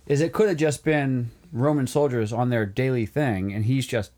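Mid-pitched male podcast co-host, dry and skeptical, tossing in short challenges during casual banter. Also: steady tone, moderate pace, warm tone. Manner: dry interjections, pushes back with questions. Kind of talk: casual episode discussion.

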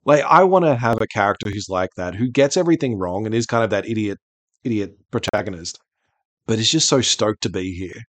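Low-voiced man chatting casually. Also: lively intonation, fairly quick, no room sound. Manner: chatty, swears casually, laughs often. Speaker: podcast co-host. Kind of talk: casual chat.

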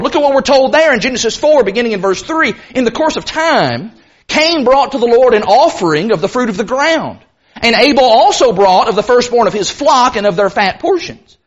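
A man preaching a sermon, earnest and emphatic, slowing down hard to stress key words. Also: very high-pitched, fairly bright tone. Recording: muffled lo-fi recording.

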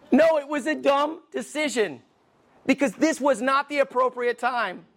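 Guy preaching, chatty and self-mocking, keeps repeating his questions slow. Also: high-pitched. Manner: conversational, self-deprecating, repeats key questions slowly. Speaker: pastor. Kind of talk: sermon.

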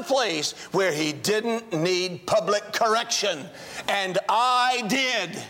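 An older male pastor preaching a sermon to a congregation, telling a personal story and acting out the dialogue, swinging from hushed tones to shouting. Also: high voice, takes it slowly, slight background noise. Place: church, before a congregation.

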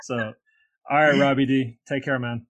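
Flat-voiced man hosting a podcast. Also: mid-range voice, moderate pace, dull audio, loud music behind the voice. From Hawaii. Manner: friendly, modest, stammering repeats. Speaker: podcast host. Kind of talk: casual podcast interview.

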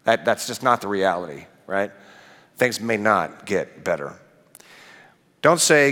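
Animated male pastor preaching in a reverberant hall. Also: fairly low pitch, a little slow. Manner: conversational, animated, asks the congregation questions. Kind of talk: sermon. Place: church sanctuary.

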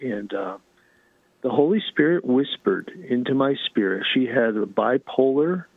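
A man with a gravelly, creaky voice recounts his stories in an earnest, animated way, voicing the people he met. The sound is thin and phone-like, with no room echo at all. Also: medium pitch, measured pace. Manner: earnest, animated storyteller who acts out quotes. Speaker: guest. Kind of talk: storytelling in a talk show interview.

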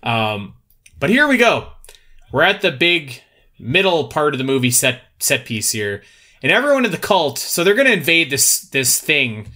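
Bright-voiced man in casual podcast chat. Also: fairly high pitch, normal speed. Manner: animated, swears freely, laughs often. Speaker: podcast co-host.

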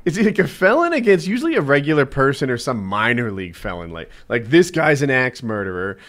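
Dude telling a story to his buddies, voice all over the place, mid pitch. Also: quick pace. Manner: lively retelling of stories. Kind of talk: casual chat.

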